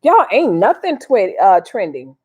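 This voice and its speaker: A woman's voice: mid-range voice, very animated, measured pace, mellow, slightly rough. A woman hosting a casual live stream, chatting in a slangy, direct way to her viewers. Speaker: livestream host.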